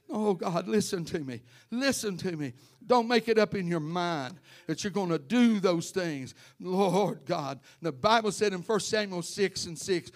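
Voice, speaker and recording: Telling stories and calling out members by name, a male pastor preaches a sermon to his congregation in church and rises to loud, fervent delivery. His voice sits high and sounds expressive, at a measured pace.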